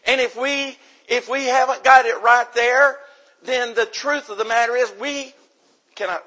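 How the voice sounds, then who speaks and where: A man's voice: very high-pitched, fairly even intonation, a little slow, bright, forceful tone, low-quality recording. A man from the United States preaching an emphatic sermon into a microphone, repeating his key points for stress.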